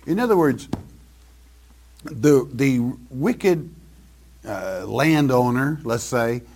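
Male preacher, measured and unhurried, emphatic, folksy scripture teacher. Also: medium pitch, expressive, darkish tone, slightly rough. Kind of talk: verse-by-verse Bible teaching.

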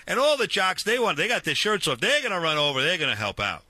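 Bright, lively man in his fifties for a casual storytelling chat, animated with restarts. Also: high-pitched, fast talker, no echo. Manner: animated, restarts, acts out dialogue.

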